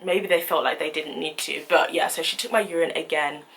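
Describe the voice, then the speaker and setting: A young woman telling a story in a vlog, animated and indignant as she recounts it. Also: sits low, brisk, creaky, low-quality recording. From United Kingdom. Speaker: vlogger.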